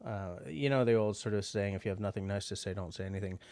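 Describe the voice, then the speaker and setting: A man's voice: on the low side, fast talker, darkish tone, no echo. A man hosting a livestream, chatting casually and rambling with frequent filler words. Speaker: livestream host.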